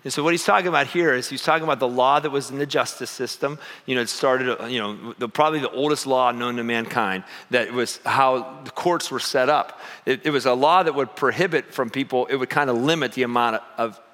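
Man preaching a sermon, bright and storytelling. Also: medium pitch, fairly quick, hardly any pauses, big-room sound. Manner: animated storytelling, acts out voices, self-deprecating humor. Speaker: pastor.

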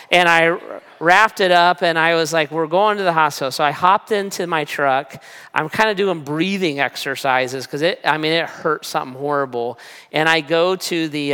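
A man's voice: a little high, pushed and bright, clean tone. A man preaching a sermon as a pastor, telling a story with animation and acting out the voices in it. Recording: echoey with a long reverb.

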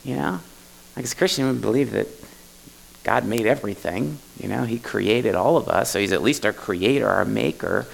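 A man's voice: on the low side, moderate pace, vocal fry, a little hiss or hum, rough recording. A man preaching a sermon as pastor to a congregation, in a casual, conversational way full of asides and tag questions. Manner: casual, conversational, with many "you know" and "right?". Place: church hall with a congregation.

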